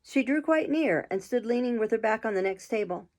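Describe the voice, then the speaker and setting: A woman reading a classic adventure novel aloud in a steady, measured storytelling voice. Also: fairly high pitch.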